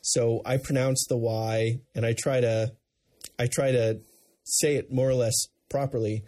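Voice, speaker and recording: A man's voice: medium pitch, level tone, a little slow, warm tone. A man from the United States co-hosting a podcast, chatting casually and rambling with many restarts. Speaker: podcast co-host. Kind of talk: casual chat.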